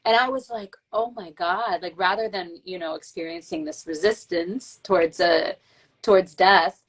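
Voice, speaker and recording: A woman host chats in a casual podcast, telling stories with lots of likes and ums. Her voice sits on the lower side. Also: moderate pace, rough recording. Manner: animated storyteller, many likes and ums.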